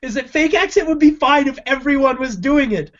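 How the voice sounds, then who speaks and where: Trashing a bad movie on a podcast he co-hosts, a young man talks casually with emphasis, plenty of slang and frequent laughter. He speaks a little fast in a very high voice, and the audio is dull and lo-fi.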